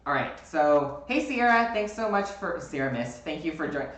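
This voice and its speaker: A man's voice: a little high, normal speed, slight background noise. Chatty man hosting in an echoey room. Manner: animated, rambling with fillers. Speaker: host. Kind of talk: casual chat.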